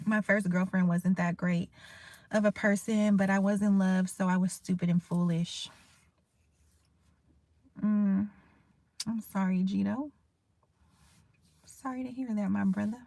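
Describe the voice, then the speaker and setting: A woman in her thirties chats candidly to camera with an unguarded, emotional ramble. Her mid-pitched voice has a gravelly, fry-laden edge, and the sound is dry and close. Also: fairly even intonation, a little slow, long pauses, a little mellow, no room sound. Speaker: vlogger. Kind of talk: casual heartfelt chat to camera.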